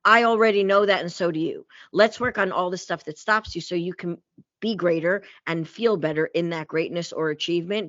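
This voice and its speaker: A woman's voice: on the low side, fairly bright tone, dry recording, lo-fi sound. A woman coach talking bluntly and animatedly in a casual podcast chat, swearing freely.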